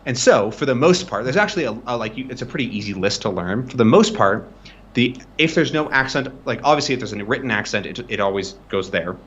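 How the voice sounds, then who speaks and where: A man's voice: medium pitch, lively intonation, quick pace, a bit bright, highs cut off. A man tutoring pronunciation in a casual live-streamed lesson, explaining loosely and checking in with frequent "right?". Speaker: language tutor.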